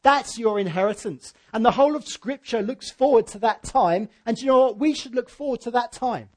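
A man preaching a church sermon in a notably high voice. He is animated, rising to loud emphatic peaks and then dropping to soft, low asides. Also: brisk. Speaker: pastor.

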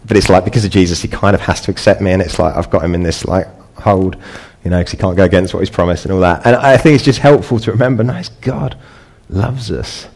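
A middle-aged man delivers a sermon in a relaxed, conversational way. His voice sits low, and he pushes it up into emphatic peaks when he wants to stress a point. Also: fast, slightly rough. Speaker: pastor.

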